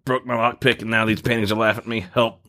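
A man playing a tabletop game, describing his moves in a relaxed way and laughing easily. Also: fairly low pitch, fast. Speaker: player. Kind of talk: casual tabletop play.

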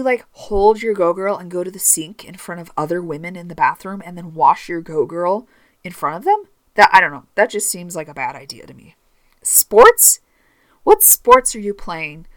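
A woman in her thirties telling a comic story on her podcast, sarcastic and animated, swinging between muttered asides and sudden exclamations. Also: on the low side, dry recording. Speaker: podcast host.

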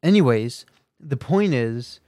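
A man's voice: medium pitch, expressive, slow pace, mellow, dry recording, clean studio sound. A man giving an earnest, argumentative opinion monologue at home, thinking aloud as he goes. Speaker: commentator. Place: room at home with a bookshelf.

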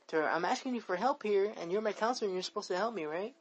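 This is a young man from talking at a rapid clip on a casual podcast. He rambles, circles back on his own words and swears freely as he vents. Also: high-pitched, breathy edge, lo-fi sound. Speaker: podcast co-host. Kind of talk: casual chat.

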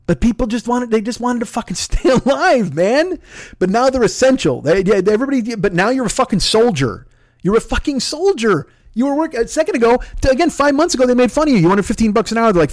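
High-voiced man in a heated profane rant. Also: expressive, fast, no room sound, studio quality. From United States. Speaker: podcast host. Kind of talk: ranting monologue.

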